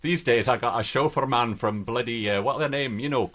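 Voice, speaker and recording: A man's voice: medium pitch, fairly quick, a bit bright, close to an everyday voice. A man with a Scottish accent playing a crude, foul-mouthed, boastful artist in an improvised comic interview, rambling and laughing at his own jokes. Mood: boisterous.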